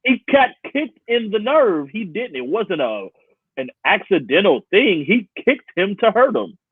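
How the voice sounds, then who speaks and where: A man co-hosting a casual sports chat, talking in an animated, profane way and laughing often. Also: sits high, measured pace, slightly rough, no room sound. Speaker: podcast co-host. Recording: tinny phone-like sound, dry.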